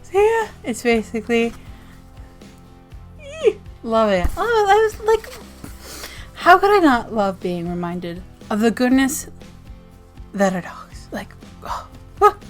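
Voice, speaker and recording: A woman's voice: on the high side, very animated, slow pace, long pauses, soft background music. A woman vlogger sharing zines from her mail in casual chat, bubbly and gushing with frequent giggles. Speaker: zine reviewer vlogger.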